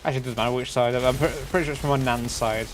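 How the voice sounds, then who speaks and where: A man's voice: mid-range voice, fairly even intonation, rapid-fire, faint music behind. A man co-hosting a game stream, teasing his partner with dry banter. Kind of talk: casual gameplay chat.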